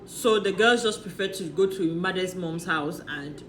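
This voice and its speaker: A woman's voice: fairly low pitch, normal speed, fairly bright tone, slight background noise. A woman chatting through a casual, gossipy recap of a reality show, laughing often and asking rhetorical questions.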